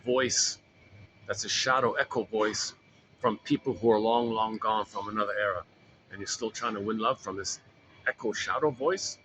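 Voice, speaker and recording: A man's voice: mid-range voice, fairly bright tone, slight background noise, rough recording. A man casually coaching a self-help group, rambling and repeating himself as he explains an exercise. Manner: rambling, repeats words and restarts phrases.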